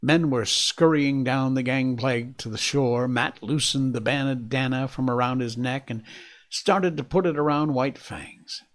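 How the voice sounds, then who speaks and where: A man narrating a classic adventure novel in a deliberate storytelling manner. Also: mid-range voice. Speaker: audiobook narrator.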